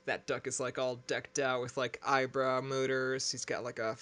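Mid-pitched man, casual podcast co-host, chatty and joking. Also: flat delivery, normal speed, fairly bright tone. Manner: chatty, heavy use of "like", jokey. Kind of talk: casual movie discussion.

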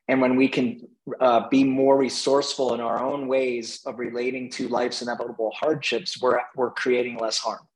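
A man coaching and telling stories in a relaxed panel conversation, thoughtful, with frequent light laughs. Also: medium pitch, moderate pace, few pauses, rough recording. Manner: reflective, laughs often, restarts phrases. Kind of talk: conversational storytelling in a panel talk.

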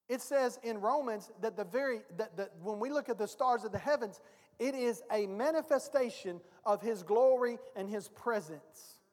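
Man, pastor, sermon, very high voice, folksy rhetorical questions, long church-hall reverb. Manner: preaching with rhetorical questions to the congregation; informal, folksy preaching. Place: church sanctuary.

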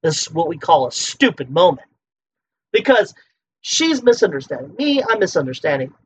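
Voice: medium pitch, sing-song, moderate pace, a little hiss or hum. A drunk podcast host in a heated, profane solo rant. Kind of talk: solo ranting monologue. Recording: muffled lo-fi with faint clicks.

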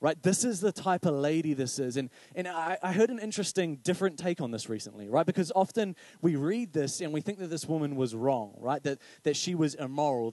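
A man's voice: fairly high pitch, no echo. A male pastor giving a conversational sermon, often asking "right?" and acting out quoted voices. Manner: conversational, animated, acts out quoted voices with many "right?" asides.

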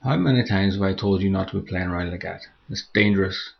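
A cold young man who lectures with flat disapproval, as a male narrator reads him. The voice is deep and gravelly with a husky edge. The recording sounds a little dull. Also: fast. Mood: coldly lecturing.

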